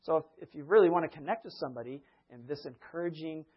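Husky-voiced man preaching with laughter. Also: fairly high pitch, fast, muffled recording. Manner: lively, laughs often, acts out quotes. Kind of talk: sermon retelling Bible stories.

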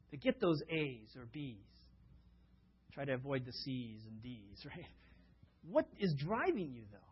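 Male preacher, conversational sermon, rhetorical questions, slightly high husky voice, dull lo-fi sound. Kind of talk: sermon with storytelling.

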